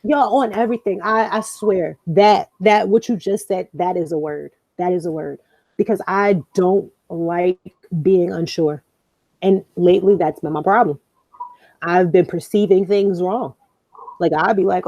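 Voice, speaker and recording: A young woman spins a story on a podcast, loose and profane, and she jumps into the voices of the people she quotes. Her tone is mellow and warm, and the recording is close and dry with no room sound. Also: mid-range voice, unhurried, no room sound. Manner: animated, profane, acts out quoted lines. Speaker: podcast co-host. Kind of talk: casual storytelling chat.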